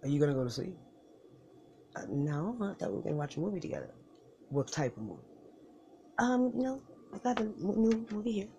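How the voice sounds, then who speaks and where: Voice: mid-range voice, very animated, brisk, pauses often, warm tone, a little hiss or hum. A performer in a solo comedy skit voicing both sides of a bickering couple, with slangy, profane banter and mumbled asides. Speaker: comedic podcaster.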